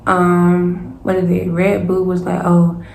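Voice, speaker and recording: A young woman telling a storytime to her viewers, animated and casual, addressing them directly. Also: lowish voice, slow, vocal fry. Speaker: vlogger. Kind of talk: storytime vlog. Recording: roomy echo, faint noise.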